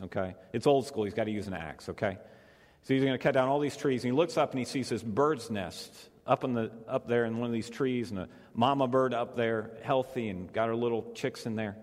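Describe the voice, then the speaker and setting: Brief: male pastor, mid-pitched, conversational sermon with repeated phrases, long hall reverb. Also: a little mellow.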